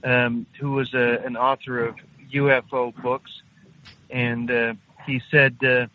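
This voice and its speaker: Halting older man on a phone line. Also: medium pitch, little pitch movement. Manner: halting, unhurried, frequent hesitations. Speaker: interview guest. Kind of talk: recounting a personal story. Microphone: phone call.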